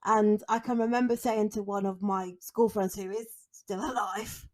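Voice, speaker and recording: A woman co-hosting a podcast, talking candidly with dark humour and lively storytelling. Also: mid-range voice, moderate pace. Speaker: podcast co-host. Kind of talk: casual conversation.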